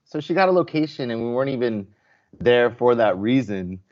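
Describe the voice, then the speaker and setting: A man's voice: medium pitch, expressive, a little fast. A man, a vending business owner, chatting casually as an interview guest and telling stories full of "you know" and restarts. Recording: dull lo-fi audio.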